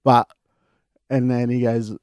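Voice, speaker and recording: A man's voice: medium pitch, little pitch movement, slow, darkish tone, clear, resonant tone, no room sound, clean studio sound. Laid-back Australian man telling stories. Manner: laid-back, laughs often, many restarts. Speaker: podcast co-host, former player. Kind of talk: casual storytelling chat.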